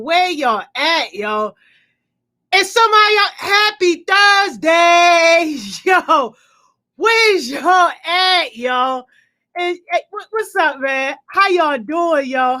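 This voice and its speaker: A young woman opens a youth livestream with playful, shouted greetings full of slang. Her voice sits high and sounds bright. She speaks at an unhurried pace.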